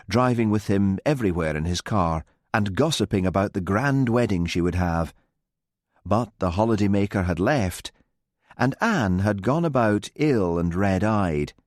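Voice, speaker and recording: A man narrating an audiobook with expressive storytelling. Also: fairly low pitch, no room sound, studio quality. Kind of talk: scripted narration.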